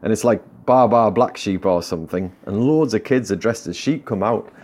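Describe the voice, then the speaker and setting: A man's voice: fairly low pitch, moderate pace, a little mellow. A man hosting a podcast, telling a comic story and laughing often. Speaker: podcast host.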